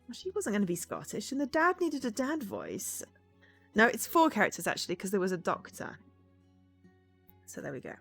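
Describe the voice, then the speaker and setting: A woman's voice: mid-range voice, huge pitch swings, moderate pace, gravelly, long pauses, slightly rough, soft background music. Chatty woman streamer with giggly asides. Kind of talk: casual game commentary.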